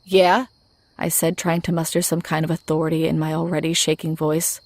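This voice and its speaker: Lady narrating a scary story, deep flat voice, kinda gravelly, dry sound. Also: dry recording. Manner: low-key, measured storytelling. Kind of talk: scripted first-person narration.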